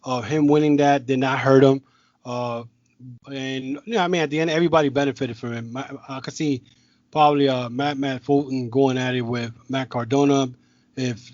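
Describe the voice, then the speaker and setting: A man hosts a podcast in loose, casual chat, rambling and circling back on himself as he talks. His voice is mid-pitched. The sound is dull and lo-fi, with a dry, close mic. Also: darkish tone, no echo. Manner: rambling, with many restarts and filler. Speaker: podcast host.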